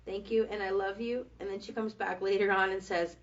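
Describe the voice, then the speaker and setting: A woman co-hosting a live show, reading out viewer questions in a plain, steady way. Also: mid-range voice, fairly quick, lo-fi sound.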